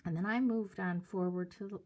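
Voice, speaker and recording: A woman's voice: fairly low pitch, steady tone, a little fast, warm tone. A woman telling a story to camera in a casual, hesitant way. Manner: hesitant, many fillers. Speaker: vlogger.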